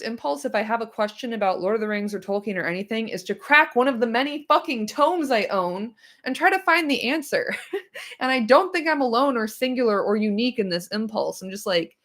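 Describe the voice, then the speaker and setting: Animated, profane woman ranting on stream. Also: on the high side, brisk. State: slightly hoarse. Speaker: streamer discussing a book chapter. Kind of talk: casual livestream chat.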